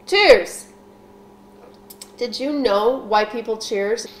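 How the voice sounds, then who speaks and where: A woman's voice: on the high side, reverberant. A young woman hosting a home baking vlog in her kitchen, joking and rambling between steps. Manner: silly, rambling, jokey asides. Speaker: host of a home baking show.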